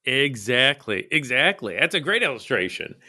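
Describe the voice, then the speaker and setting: A man's voice: mid-range voice, sing-song, normal speed, bright, forceful tone, no echo, clean studio sound. A man co-hosting a casual Bible study chat, earnest and reflective, with frequent fillers and restarts. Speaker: co-host discussing Bible passages.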